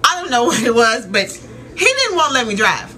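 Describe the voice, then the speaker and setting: A woman in her thirties telling a story in a casual, animated rant, laughing and exclaiming as she goes. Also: fairly high pitch, normal speed, noisy background. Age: 30s. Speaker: vlogger.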